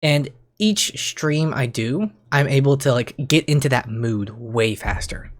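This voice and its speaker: A young man talks straight to camera in a loose, rambling vlog voice at a middling pitch. He stumbles over and restarts his sentences, then jumps up in pitch whenever his excitement builds. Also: unhurried. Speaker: streamer and YouTuber. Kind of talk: casual vlog monologue.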